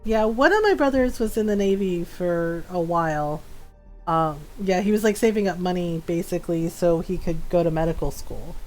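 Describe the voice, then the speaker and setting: A woman's voice: lowish voice, normal speed, a little mellow, faint music behind. A woman chatting casually while live-streaming a game, full of fillers and laughs.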